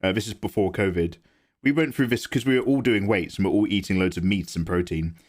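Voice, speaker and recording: A man's voice: low voice, brisk, darkish tone. A young man chatting casually on a drawing livestream, wandering from topic to topic and laughing often as he tells stories. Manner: rambling anecdotes, laughs often. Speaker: livestream artist. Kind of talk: casual chat while drawing on stream.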